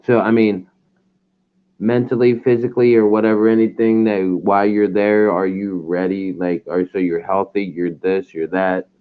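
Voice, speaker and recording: A man's voice: fairly low pitch, little pitch movement, moderate pace, clean tone. A man hosting a casual livestream, easygoing and asking lots of questions. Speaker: host. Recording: tinny phone-like line.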